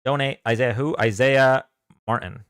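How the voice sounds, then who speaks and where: A man's voice: medium pitch, fairly even intonation, normal speed, a bit bright, clean tone, no echo. A young man hosts a casual livestream and chats easily with his viewers, thanking each donor by name. His voice sits in a middling register. The sound is dry and close, recorded on a desk mic with no room around it. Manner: chatty, thanks donors, reads chat aloud. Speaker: livestream debate host.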